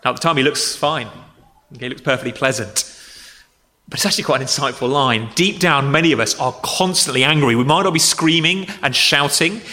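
A man's voice: mid-range voice, brisk, pushed and bright, big-room sound. A man preaching a sermon to children and adults, conversational and explaining with examples. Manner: conversational, with acted-out grumbling quotes.

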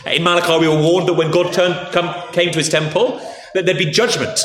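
A man's voice: on the high side, fairly even intonation, fairly quick, fairly bright tone. A man with a posh English accent preaching a sermon in a conversational way, often restarting and saying "okay". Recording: echoey hall.

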